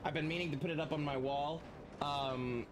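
A man's voice: fairly high pitch, fairly even intonation, moderate pace, noisy background. A man casually commenting on his gameplay as a streamer, rambling and swearing freely.

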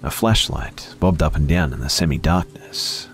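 A man reading a first-person horror story aloud in a hushed, dramatic way, slipping into whispers at tense moments. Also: rumbling low, moderate pace, soft background music.

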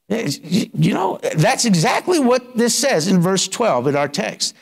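A man's voice: high-pitched, very animated, slow, vocal fry, few pauses, slightly rough. A middle-aged man pastor telling his personal story in a sermon, colloquial and building to emphatic preaching.

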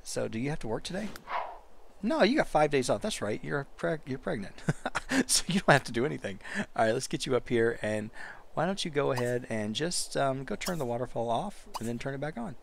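A man's voice: mid-range voice, expressive, fairly quick, creaky, a little hiss or hum. A man giving casual let's play commentary, chatty and talking directly to his game characters.

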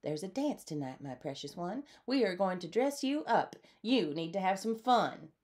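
A woman voicing a gentle armadillo godmother. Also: mid-range voice, sing-song, normal speed, lightly acted. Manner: gentle, proper. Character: gentle refined female armadillo fairy godmother.

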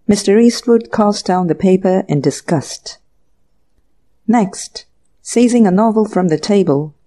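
A woman narrating an audiobook mystery story in an even, measured storytelling manner. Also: lowish voice. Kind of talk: scripted narration.

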